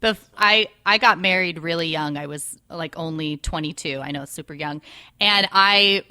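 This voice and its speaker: Bright, bubbly young woman host. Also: sits low, moderate pace, clean tone. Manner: bubbly, laughing, exclamatory. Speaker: podcast co-host. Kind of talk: casual interview chat.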